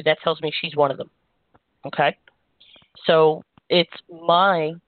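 Gentle woman healer on a phone line. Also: sits low, no room sound. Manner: gentle, reassuring, meandering with frequent "you know". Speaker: energy healer and show host. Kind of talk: spiritual guidance on a call-in show. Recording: dry, tinny phone-line sound.

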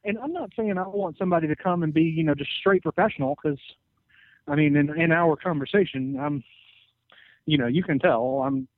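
A man hosting a wrestling podcast in casual chat, animated and full of "you know". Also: on the high side, brisk, no echo. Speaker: podcast host. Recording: tinny phone-like sound.

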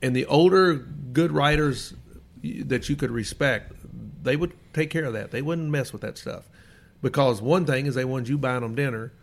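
Gravelly older man telling ball stories. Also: medium pitch, normal speed. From Kentucky. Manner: folksy anecdotes, chuckling. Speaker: guest, former baseball player. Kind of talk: casual storytelling interview.

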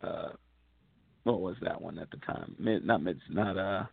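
A man co-hosting a casual wrestling podcast, rambling through animated stories with plenty of fillers. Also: deep voice, unhurried, vocal fry, husky, dry recording. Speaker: podcast co-host. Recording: tinny phone-like line.

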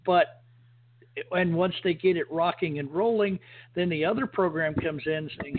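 A man's voice: a little high, a little slow. A man hosting a casual podcast chat, rambling and acting out the voices in his stories. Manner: rambling, acts out quoted voices. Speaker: podcast host. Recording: phone-like audio.

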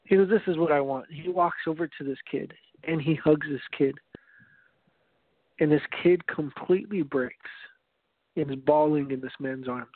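A man's voice: on the high side, measured pace, pauses often, no echo. Man preaching over a tinny line. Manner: earnest storytelling with repeated restarts. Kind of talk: evangelistic teaching talk. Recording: dry, phone-like narrow sound.

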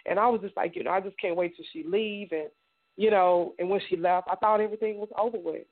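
A middle-aged woman from Indiana giving personal testimony in a radio interview, halting and repeating words as she acts out what others said. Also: mid-range voice, steady tone. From Indiana, United States. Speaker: guest survivor telling her story. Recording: tinny phone-like radio sound.

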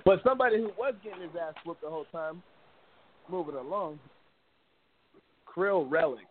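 A man's voice: high voice, expressive, fast. Rambling man on a tinny line. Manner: rambling, laughs often, many restarts. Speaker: boxing podcast host. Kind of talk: casual sports talk. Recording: tinny phone-like audio.

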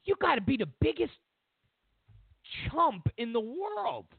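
A man's voice: very high voice, sing-song, unhurried, creaky, dry recording. A man hosting a talk show, delivering a sarcastic, mocking political rant. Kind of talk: political commentary monologue. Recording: tinny phone-like dry sound.

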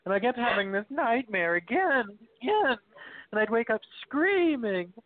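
A man's voice: very high-pitched, big pitch swings, normal speed, dry recording. A man co-hosting a podcast in casual chat, telling loose stories and laughing often. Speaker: podcast co-host. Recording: dry, tinny phone-like audio.

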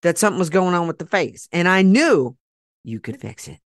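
A woman hosting a podcast in casual chat, talkative and retelling what others said with animated quoting. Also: on the low side, a little fast, dry recording, clean studio sound. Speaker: podcast host.

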